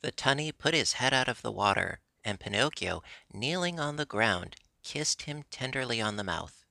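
Gravelly man narrating a storybook. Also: mid-range voice, lively intonation, normal speed, pushed and bright, no room sound. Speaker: audiobook narrator.

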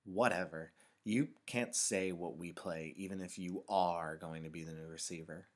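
Man reading as a huffy young boy from a storybook, bossy and loud, low voice with indignant bite. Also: steady tone, moderate pace, close to an everyday voice. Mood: irritated.

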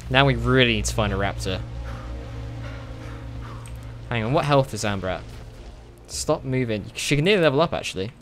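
A young man giving casual, excitable commentary while playing a video game, swearing and laughing often. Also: mid-range voice, moderate pace, pauses often, faint music behind. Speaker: gaming video host.

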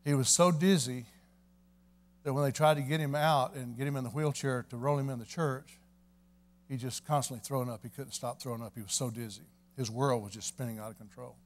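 A man preaching a revival sermon in church, telling a story in a folksy way and building to fervent shouting. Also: medium pitch, fairly even intonation, fairly quick. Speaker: evangelist preacher. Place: church service.

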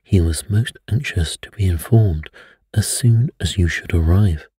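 A man reading a bedtime story voices a grave, steadfast British museum expert who speaks in a measured, formal way. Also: low-pitched, mellow, husky, no echo, studio quality, full character voice.

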